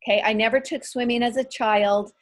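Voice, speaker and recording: A middle-aged woman, a guest author, telling stories in an animated, self-deprecating way during a casual interview. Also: a little high, brisk.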